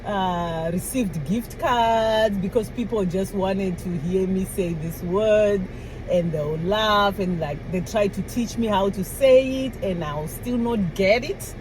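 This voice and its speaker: Slow-talking woman telling stories, laughing. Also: medium pitch, noisy background. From outside the US. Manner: animated, laughing, acts out little dialogues. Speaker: vlogger. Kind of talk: casual storytelling to camera.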